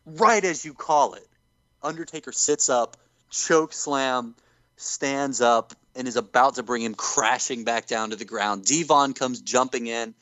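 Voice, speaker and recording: A man in casual chat, retelling events in an animated way and acting out quotes as he goes. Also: mid-range voice, measured pace, no echo. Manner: animated storyteller who acts out quotes. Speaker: podcast co-host recapping wrestling.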